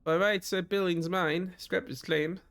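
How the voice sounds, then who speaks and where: A man with a German accent voicing a gruff female salvager in a clumsy, wandering put-on accent. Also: high voice, steady tone, unhurried, fairly bright tone, voice pushed up, exaggerated voice. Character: gruff woman salvager who owns the rig.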